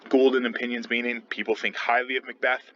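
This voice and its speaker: A man's voice: mid-range voice, little pitch movement, brisk, a bit bright. A man teaching a literature lesson in a casual, chatty way. He often checks in with his listeners by asking "okay?" and "right?". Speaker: English teacher. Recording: slightly muffled with faint noise.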